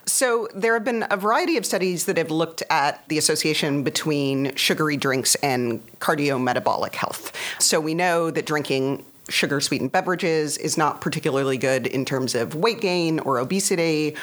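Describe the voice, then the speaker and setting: A woman co-hosting a podcast who calmly explains research findings in a measured way. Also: low voice. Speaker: podcast co-host.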